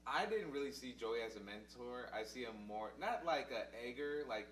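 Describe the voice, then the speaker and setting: A man's voice: medium pitch, animated, moderate pace, a bit bright. Matter-of-fact man, far and echoey. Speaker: podcast co-host. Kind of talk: casual chat. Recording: distant mic in an echoey room with hum.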